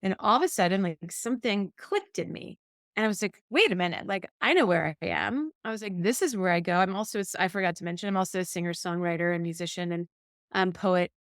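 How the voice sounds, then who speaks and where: A woman's voice: on the low side, fast talker, dry recording, studio quality. A woman co-hosting a podcast, telling a personal story in casual chat and acting out the quoted voices. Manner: animated storyteller, acts out quotes. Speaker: podcast co-host.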